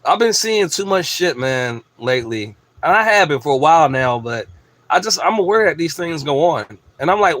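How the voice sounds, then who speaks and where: Guy ranting blunt and sweary, kinda high voice, dry close sound. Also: expressive, moderate pace, a bit bright, no echo. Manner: profane, blunt and emphatic. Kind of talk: ranting monologue.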